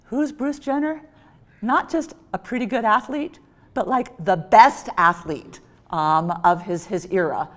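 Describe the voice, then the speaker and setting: A woman speaking as a law professor on a conference panel, measured and dry. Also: fairly low pitch. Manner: measured, dry, with small laughs. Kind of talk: panel discussion answer. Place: conference hall.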